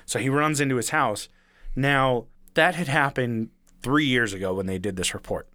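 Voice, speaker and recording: A man's voice: medium pitch, normal speed, bright, forceful tone, no room sound, clean studio sound. A man telling a rambling story in casual chat, chuckling now and then and swearing freely.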